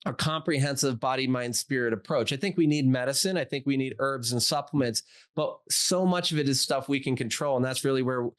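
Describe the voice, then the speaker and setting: A doctor in his forties, appearing as an interview guest, tells a personal story in a casual, animated way. He acts out quoted dialogue, fills it with plenty of "like," and speaks fairly quickly in a mid-range voice with hardly any pauses.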